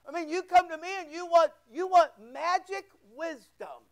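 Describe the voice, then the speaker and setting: A man's voice: very high voice, normal speed. A man preaching a sermon as pastor, emphatic and rhetorical, repeating his phrases.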